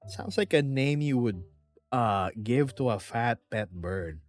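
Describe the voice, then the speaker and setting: A man chats on a live stream, reading comments in a playful, animated manner. His pitch swings up and down a lot, and faint music plays underneath. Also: unhurried. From Philippines.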